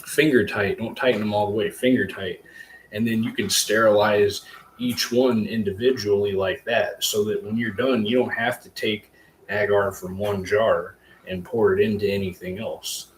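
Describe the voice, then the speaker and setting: A man's voice: on the low side, fairly even intonation, moderate pace. A man hosting a casual live stream about growing mushrooms, rambling loosely with lots of fillers and the odd curse word. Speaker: livestream host, hobby mushroom grower. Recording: echoey room with faint ambient hum.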